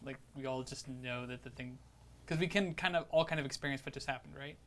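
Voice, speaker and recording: A man's voice: medium pitch, fast talker, a bit bright. A man playing a tabletop game, talking casually and thinking aloud. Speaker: player.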